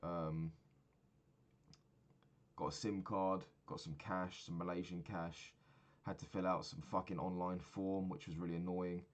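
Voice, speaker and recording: A man's voice: low-pitched, level tone, unhurried. A man in his twenties recapping a trip in a rambling, sweary, casual monologue, often laughing at his own stories. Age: 20s. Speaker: vlogger.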